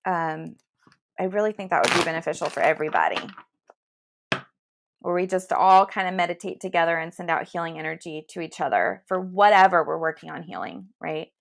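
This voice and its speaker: A woman's voice: on the low side, lively intonation, a little fast, creaky. A woman giving spiritual readings on a casual livestream, chatty and reassuring, who laughs often and speaks into a computer mic at home. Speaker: tarot reader on a livestream.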